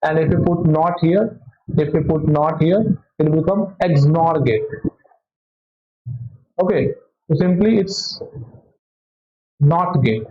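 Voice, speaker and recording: A male physics teacher with an Indian English accent walks through a test solution in a slightly high voice. His explanation is halting and self-correcting, peppered with many "okay"s, and the audio is dull and lo-fi.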